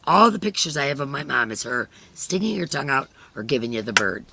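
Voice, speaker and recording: A middle-aged woman hosting a crochet live stream, chatting earnestly and emotionally with viewers, her voice hoarse and fading. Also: a bass voice, very animated, quick pace, noisy background. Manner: earnest and emotional, many "you know" fillers. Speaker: crochet channel host. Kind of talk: casual chat on a live stream, reading viewer comments.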